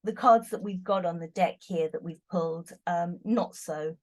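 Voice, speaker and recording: A woman's voice: lowish voice, moderate pace. A middle-aged British woman, a tarot reader hosting a casual chat, talking in a chatty, giggly, exclamatory way. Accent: British English. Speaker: tarot reader, channel host.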